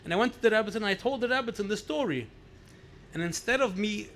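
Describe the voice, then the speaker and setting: There's slight background noise as a New York rabbi in his sixties, high-voiced and quick, entertains a gathering with stories. Lively and theatrical, he voices the dialogue and works in bits of Yiddish.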